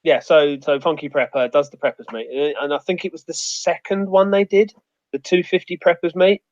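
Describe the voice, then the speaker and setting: An outdoors guest chats casually, telling stories in a rambling, sweary manner. His voice is a little high with fairly even intonation at normal speed, and the audio is muffled and dry with no room sound.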